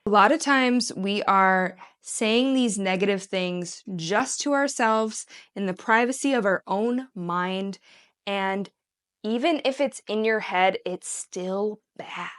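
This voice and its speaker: A woman talking to camera as a self-help coach, earnest and encouraging, who slips into bright mock-cheery voices when she quotes herself. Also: mid-range voice. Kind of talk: casual talk to camera.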